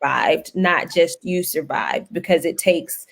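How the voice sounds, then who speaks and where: Animated woman host telling stories. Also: fairly low pitch, measured pace, vocal fry. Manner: animated storyteller, laughs often, folksy phrasing. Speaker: guest host. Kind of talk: casual panel talk.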